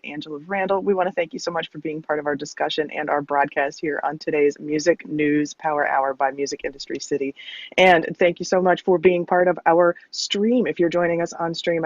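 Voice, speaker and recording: A man co-hosting and moderating a live audio show, giving announcements in a smooth, playful announcer style. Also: on the high side, no echo, muffled recording. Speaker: co-host and moderator.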